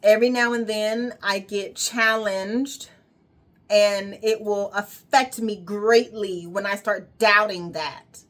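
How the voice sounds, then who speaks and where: A woman's voice: mid-range voice, fairly even intonation, takes it slowly, fairly bright tone. A woman wellness coach giving an emphatic, repetitive motivational monologue with casual swearing.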